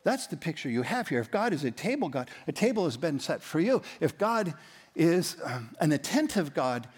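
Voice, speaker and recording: A man's voice: mid-range voice, husky, in a large hall. A man preaching a sermon as pastor, emphatic and leading his congregation in reading aloud. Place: church.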